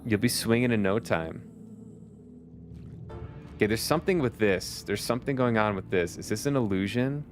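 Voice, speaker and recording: Laid-back low-voiced man streaming a game. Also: animated, normal speed, pauses often. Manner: chatty, laughs often, swears casually, reads chat aloud. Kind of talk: casual chat while gaming. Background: faint background music.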